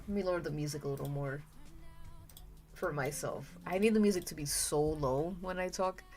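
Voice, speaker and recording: A woman's voice: low-pitched, normal speed. A young woman chatting casually on her art stream, rambling and stopping herself mid-sentence, often laughing. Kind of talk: casual live-stream chat. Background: soft background music.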